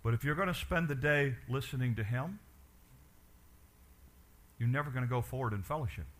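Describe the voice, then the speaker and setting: A man preaching a sermon as pastor, animated and asking his congregation questions, dropping quiet for emphasis. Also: mid-range voice, a little fast.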